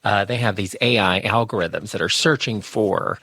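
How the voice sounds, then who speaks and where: A man's voice: on the low side, moderate pace, bright, forceful tone. A man co-hosting a talk show, chatting casually with wry, dry humor and lots of fillers. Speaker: radio show co-host.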